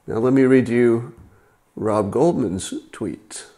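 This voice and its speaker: Male livestream host, middle pitch, wry and incredulous, casual commentary straight to viewers. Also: takes it slowly, mellow.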